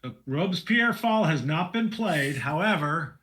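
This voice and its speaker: A man in a casual co-op board game playthrough, talking in halting restarts and playing along with jokes. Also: fairly high pitch, animated, a bit bright.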